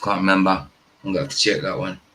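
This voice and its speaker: A man's voice: low voice, fast, bright, forceful tone, a little hiss or hum, low-quality recording. A man chatting casually and teasing people while reacting to a video. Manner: joking, teasing, playful sing-song. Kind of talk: casual banter.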